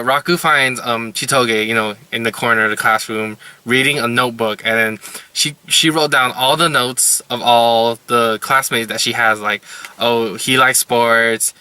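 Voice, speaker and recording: A man's voice: mid-range voice, sharp tone, clean tone. A man casually recapping anime episodes as a reviewer, rambling with lots of filler words. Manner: rambling, heavy use of "like" and "you know".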